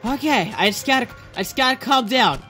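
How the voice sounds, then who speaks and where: An excitable young man narrates his gameplay, bursting into yelps and frustrated screams, then grumbling at himself in self-mocking rants. Background music plays steadily behind his voice. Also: very high voice, brisk. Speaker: let's play gamer. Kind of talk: gameplay commentary.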